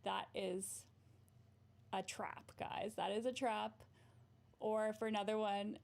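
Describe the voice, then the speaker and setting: A bubbly woman therapist chats on a livestream, giggling often as she reads comments aloud. Her voice sits in a middle pitch with lots of gravelly vocal fry running through it. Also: steady tone, takes it slowly, a little mellow. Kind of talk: casual livestream chat, reading comments.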